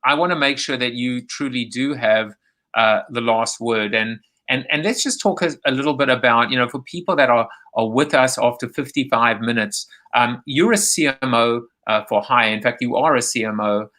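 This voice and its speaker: A man's voice: medium pitch, moderate pace, pushed and bright. A man hosting a live video chat show, joking and rambling as he reads out viewer comments over a video call.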